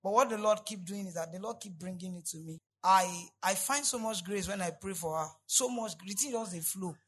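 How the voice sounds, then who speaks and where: A man preaching a sermon, repeating his points and rising to loud, emphatic peaks. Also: high voice, a little fast, a little hiss or hum, low-quality recording. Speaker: pastor.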